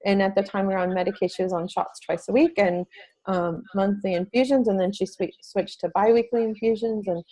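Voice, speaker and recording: Earnest talkative mom, mellow voice. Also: female voice, mid-range voice, fairly even intonation, fairly quick, rough recording. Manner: earnest, talkative with many restarts. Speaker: guest, parent advocate. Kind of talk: interview talk.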